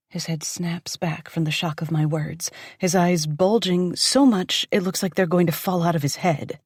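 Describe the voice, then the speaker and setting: A woman narrating a dark romance audiobook in the first person, intense and dramatic, often dropping to a whisper. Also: fairly low pitch, fairly even intonation, moderate pace, few pauses, breathy edge, no echo, studio quality.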